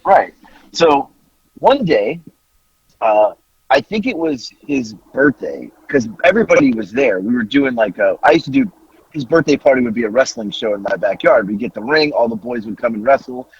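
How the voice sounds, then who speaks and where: A man in his forties, a podcast co-host, telling a story in casual chat and acting out the quotes with big jumps in pitch. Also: lively intonation, normal speed, breathy edge. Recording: dull lo-fi audio.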